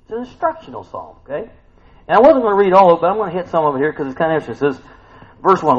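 A man preaching a sermon in a conversational way, often asking "right?" and "huh?", jumping from loud exclaims to quiet asides. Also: a little high, expressive, very fast, highs cut off.

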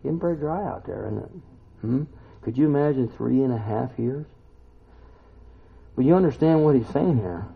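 A man preaching a sermon, emphatic and full of rhetorical questions, now and then climbing to loud exclamations. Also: medium pitch, animated, moderate pace, creaky, pauses often, breathy edge. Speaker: pastor. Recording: tinny phone-like recording.

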